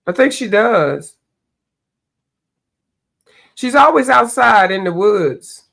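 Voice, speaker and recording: A woman's voice: medium pitch, expressive, takes it slowly, creaky, fairly bright tone. Woman, livestream host, casual rambling chat, stuffy from allergies, mid-range voice. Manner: rambling, searching for names. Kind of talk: casual chat while coloring.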